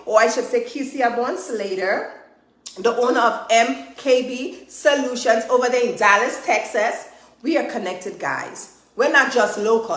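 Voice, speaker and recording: A woman hosting a live stream as a trainer, chatty and energetic, driving her points home with repeated "okay?". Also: on the high side, reverberant. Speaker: host and trainer. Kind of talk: live-streamed motivational chat.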